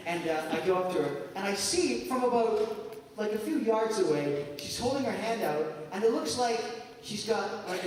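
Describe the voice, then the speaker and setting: A man who is a guest at a fan convention, telling a funny anecdote to an audience, laughing often and talking loosely with lots of fillers. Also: sits high. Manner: animated, laughing often, lots of "like" and "you know". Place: large convention hall. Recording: echoey hall miked from far off, loud crowd.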